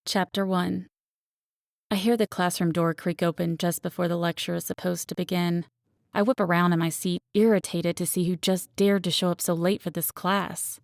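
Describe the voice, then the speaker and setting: Woman, romance audiobook narrator, first-person, wry storytelling, low flat voice, gravelly texture, dry studio sound. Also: moderate pace, no echo.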